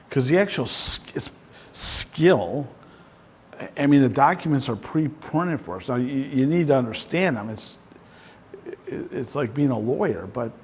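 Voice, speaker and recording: A man's voice: medium pitch, expressive, measured pace, breathy edge. A man in the role of a real estate coach, giving a casual, conversational talk to a small group and often ending points with "right?". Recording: voice in a reverberant room.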